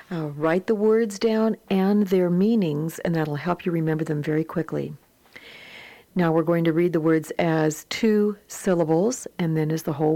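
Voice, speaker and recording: A woman teaching a phonics lesson, reading word lists and sentences aloud with careful, deliberate enunciation. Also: fairly low pitch, vocal fry, mellow, dry recording.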